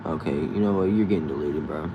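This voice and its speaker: A man casually hosting a live stream from a backyard shed, reading viewers' comments aloud and answering them in a relaxed way. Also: a bass voice, fast talker, dull audio, noisy background. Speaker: livestream host reading chat.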